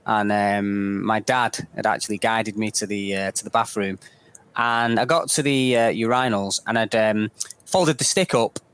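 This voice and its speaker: Man, lowish voice, podcast guest, casual storytelling, frequent ums. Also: moderate pace, fairly bright tone, clean tone.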